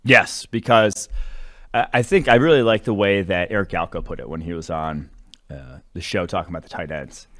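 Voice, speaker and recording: Man, very low voice, draft analyst, rambling casual podcast chat, lots of fillers. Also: moderate pace, a bit bright. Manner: rambling, filler-heavy, self-correcting.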